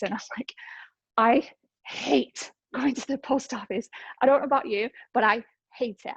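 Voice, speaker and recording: A woman's voice: on the high side, no room sound, low-quality recording. Chatty woman in her thirties. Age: 30s. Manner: chatty, upbeat storytelling with many fillers. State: slightly out of breath. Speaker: network marketing presenter. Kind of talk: casual presentation on a group call. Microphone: call microphone.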